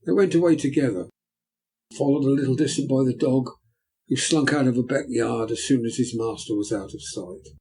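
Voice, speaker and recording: Male audiobook narrator, measured and dramatic; husky, gravelly tone. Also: medium pitch, warm tone, rough recording.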